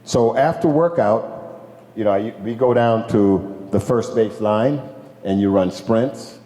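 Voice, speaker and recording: A man's voice: on the low side, slow pace. Older man telling stories, echoey hall. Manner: animated, acts out quoted people, laughs often, swears. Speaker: former pro ballplayer, guest speaker. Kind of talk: casual storytelling to a crowd. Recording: echoey hall with long reverb.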